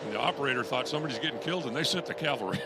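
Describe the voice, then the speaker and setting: A man's voice: mid-range voice, animated, very fast, heavy background noise. A man calling drag races as the track announcer, filling the gaps between runs with chatty jokes and puns and raising his voice as the cars launch. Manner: raises his voice during launches and finishes. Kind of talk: live race commentary.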